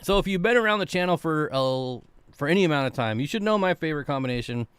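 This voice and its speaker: A man's voice: on the high side, fast, clear, resonant tone, no echo. Chatty male live stream host. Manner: relaxed, chatty, reads chat aloud. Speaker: aquarium channel host. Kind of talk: casual live stream chat.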